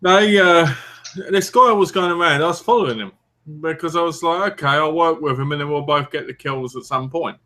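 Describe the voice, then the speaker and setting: A man's voice: fairly high pitch, brisk, bright, forceful tone. A man chatting casually as co-host, playful and jokey while telling stories. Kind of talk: casual chat.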